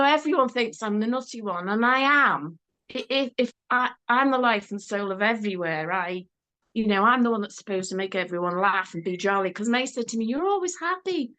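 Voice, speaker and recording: A woman's voice: on the high side, normal speed. An older woman with a Liverpool accent, a guest telling stories in a casual chat. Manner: chatty, storytelling, lively.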